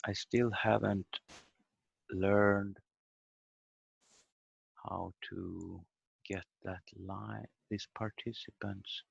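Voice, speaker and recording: A man teaching a language lesson over a video call, explaining step by step with halting fillers. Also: fairly low pitch, level tone, creaky, husky, no echo. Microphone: computer mic on a video call. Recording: dull lo-fi video call audio.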